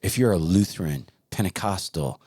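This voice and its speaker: A man's voice: sits low, animated, moderate pace, a little mellow, breathy edge. A man hosting a talk show, preaching in a heated, emphatic and repetitive way. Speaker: podcast host.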